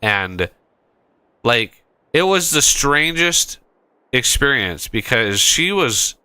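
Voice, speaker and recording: A man's voice: mid-range voice, very animated, takes it slowly, sharp tone, smooth, no echo. A man hosting a gaming channel, chatting casually while he plays and telling a rambling story full of restarts. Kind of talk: casual chat while playing a game.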